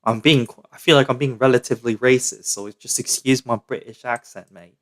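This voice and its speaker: A man's voice: medium pitch, steady tone, a little fast, a bit bright, natural voice. A young man doing a playful mock British accent as a joking bloke character. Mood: teasing.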